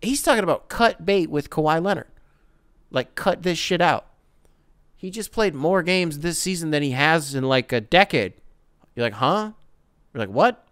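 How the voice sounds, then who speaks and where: A man hosting a casual solo sports podcast, ranting in a profane, animated way with mocking asides. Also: fairly high pitch, normal speed, clear, resonant tone, no echo, studio quality. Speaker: podcast host.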